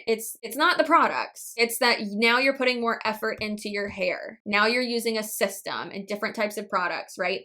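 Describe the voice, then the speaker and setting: A woman's voice: mid-range voice, fairly bright tone. A young woman giving blunt, sassy vlog commentary, swearing freely and tearing up as she talks. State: teary and emotional. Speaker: anti-MLM commentator.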